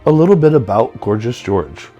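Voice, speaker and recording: A man in his thirties from California hosts a tour of his home in a campy, theatrical way, often speaking of himself in the third person. He talks at a middle pitch, with faint music playing underneath. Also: big pitch swings, moderate pace, dark tone, muffled recording. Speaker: tattoo artist. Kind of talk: playful self-promoting home tour.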